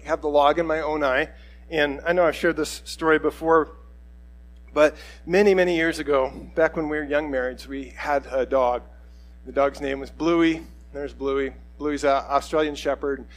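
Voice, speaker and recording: A middle-aged pastor with a slightly high voice for a man preaches casually, telling a personal story and slipping into the voices of the people he quotes. The audio quality is poor.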